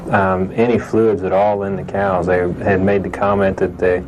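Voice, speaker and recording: A man's voice: low-pitched, flat delivery, moderate pace, a little mellow, dull audio, slight background noise. A man giving an eyewitness account in an interview, hesitant and full of fillers. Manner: hesitant, many fillers and restarts.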